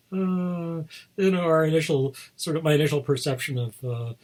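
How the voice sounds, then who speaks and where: A man's voice: a little high, normal speed, a little mellow. A man hosting a casual chat about toy figures, rambling into asides and chuckling often. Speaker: host showing toy figures.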